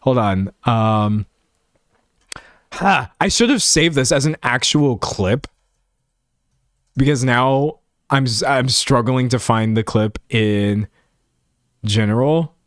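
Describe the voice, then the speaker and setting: A young man in casual reaction commentary, talking in quick emphatic bursts as he reacts to clips. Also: mid-range voice, no echo, studio quality. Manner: animated, talks fast in bursts, emphatic.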